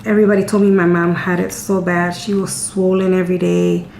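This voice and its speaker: A woman's voice: lowish voice, flat delivery, a little fast, vocal fry, a little mellow. Chatty woman in an echoey room. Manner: chatty and candid, repeating words as she talks. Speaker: vlogger answering viewer questions. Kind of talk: casual storytelling chat. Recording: echoey room with faint hum.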